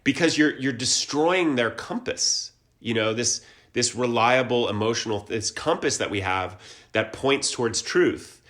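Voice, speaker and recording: A man in his forties, from Ohio, speaks as an interview guest at an ordinary pitch. He sounds earnest and reflective. He trails off and restarts his thoughts as he searches for the right words. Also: unhurried, a bit bright. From Columbus, Ohio. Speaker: guest, actor and musician. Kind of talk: casual conversational interview.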